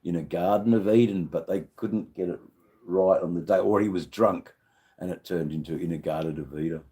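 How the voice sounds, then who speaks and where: An Australian man hosting a live stream, rambling and swearing freely as he greets viewers in the chat. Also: warm tone. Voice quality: deep, unhurried voice. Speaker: livestream host.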